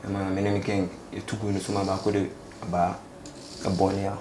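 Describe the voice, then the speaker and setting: A young man from Ghana gives a casual interview in a low, flat voice. He speaks haltingly and repeats himself, mixing English with local words. The recording has an echo and faint background noise. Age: young adult.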